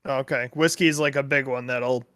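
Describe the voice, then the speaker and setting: A young man in casual podcast chat, laid-back, with quick agreeing remarks. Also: medium pitch, fairly even intonation, fairly bright tone, clear, resonant tone, dry recording, studio quality. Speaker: podcast co-host.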